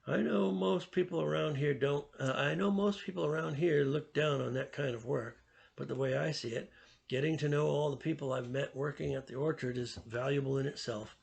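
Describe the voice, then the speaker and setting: An earnest, thoughtful teenage boy talks things through in a plain, conversational way, as a man reads his part. The voice has a gravelly grain. It is a storybook read aloud. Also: fairly high pitch, steady tone, normal speed.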